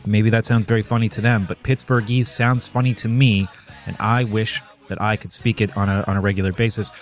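A man with a somewhat low voice hosts a podcast in a loose, playful manner. He talks casually and likes to slip into silly voices. Faint music plays under him. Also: level tone, a little fast. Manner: playful, breaks into mock regional voices. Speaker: podcast host.

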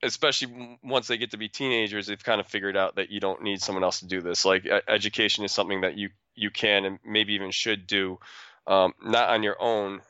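Halting, bright-voiced male teacher. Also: fairly low pitch, fairly even intonation, smooth, dry recording, dull audio. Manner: halting, with many restarts and repeated words. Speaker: schoolteacher and program founder, guest. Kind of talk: casual interview talk.

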